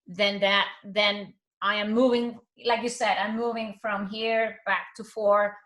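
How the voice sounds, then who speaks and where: A woman's voice: medium pitch, little pitch movement, unhurried, fairly bright tone. A woman hosting a conversational interview, giving short affirmations and asking reflective follow-up questions. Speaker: interview host.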